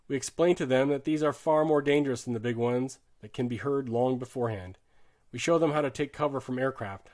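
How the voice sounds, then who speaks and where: Man reading a war novel aloud. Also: mid-range voice. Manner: earnest, shifts loudness sharply with the drama. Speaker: audiobook reader. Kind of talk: dramatic audiobook narration.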